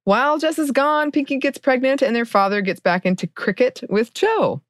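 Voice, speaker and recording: A woman co-hosting a podcast, recapping a film's ending in an unhurried, casual way, laughing easily. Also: sits high, expressive, dry recording, clean studio sound. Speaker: podcast co-host. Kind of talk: casual film recap chat.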